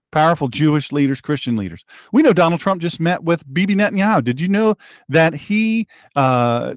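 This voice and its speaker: Male political talk host, sarcastic and heated, animated pitch, dry close sound. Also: dry recording. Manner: heated, sarcastic, repeats himself. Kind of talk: political commentary monologue.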